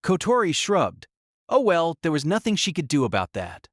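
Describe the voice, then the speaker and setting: Expressive male audiobook narrator. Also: on the high side, moderate pace, no room sound, clean studio sound.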